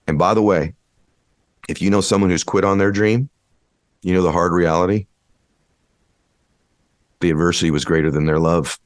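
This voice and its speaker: A man giving a motivational speech, preachy and building to impassioned shouting. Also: sits low, fairly even intonation, normal speed, pauses often, dry recording, studio quality. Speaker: motivational speaker.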